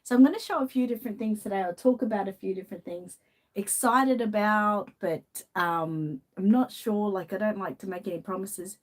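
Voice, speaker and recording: Hosting a relaxed live-stream chat on her channel, an Australian-accented woman from Australia reads out comments from viewers and laughs frequently. She speaks in a mid-range voice at a moderate pace.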